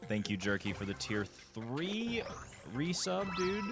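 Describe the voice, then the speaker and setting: A man's voice: medium pitch, very animated, slow, over music. A man streaming a speedrun, chatting casually with his viewers, laughing often and swearing freely. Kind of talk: casual live-stream chat while gaming.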